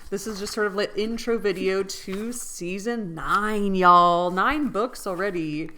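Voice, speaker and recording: A woman's voice: medium pitch, a little slow, bright, forceful tone. A woman in a casual book vlog, musing aloud, questioning herself and joking at her own expense. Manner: playful, self-deprecating. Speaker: book vlogger. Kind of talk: casual chat.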